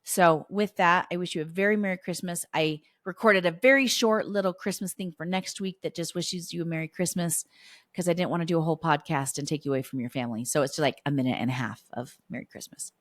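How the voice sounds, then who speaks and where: Woman in her forties, podcast host, lower-pitched, close and dry; chatty, encouraging. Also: quick pace, no echo. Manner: chatty, warm encouragement with quoted dialogue. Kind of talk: casual solo podcast talk.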